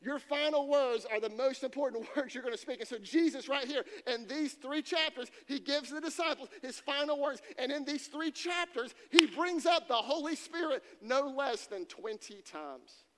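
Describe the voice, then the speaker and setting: A man's voice: very high-pitched, normal speed, few pauses, pushed and bright. A man preaching a sermon to students, emphatic and repeating key phrases for weight. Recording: long reverb in a hall.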